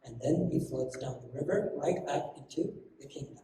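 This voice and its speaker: A man teaching a class through a religious story, often asking the listeners questions and filling pauses with ums. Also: a little high, animated, dark tone, slight background noise. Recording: echoey hall from far off.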